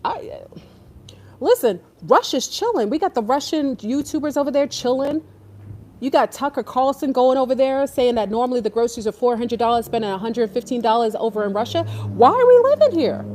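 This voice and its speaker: A woman's voice: sits high, a little mellow, a little hiss or hum. A woman ranting in casual commentary, exasperated and sarcastic, now and then mocking others in put-on voices. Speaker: podcast host.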